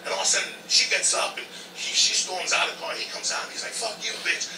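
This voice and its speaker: A man's voice: high voice, flat delivery, very fast, creaky, background noise. A man, a comedian telling a profane story with bursts of laughter. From New Jersey. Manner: boisterous, swears constantly, laughs while telling. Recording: roomy clip played back from a distance with music.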